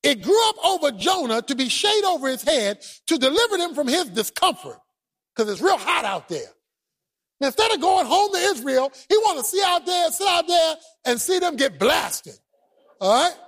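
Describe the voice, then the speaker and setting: A man preaching an animated, colloquial sermon who acts out the scripture and often breaks into shouts. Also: very high voice, normal speed.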